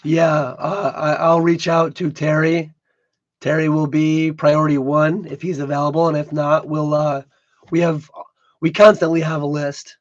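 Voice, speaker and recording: A hoarse man who has lost most of his voice, co-hosting a casual livestream podcast and often stumbling and repeating his words. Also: a little high, level tone, moderate pace, highs cut off. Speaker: podcast co-host.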